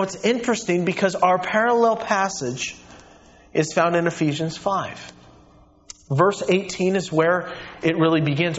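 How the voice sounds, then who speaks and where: A man preaching a sermon in a high voice, emphatic and animated as he drives his points home. His pitch swings widely from line to line. The recording sounds dull and lo-fi. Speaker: pastor.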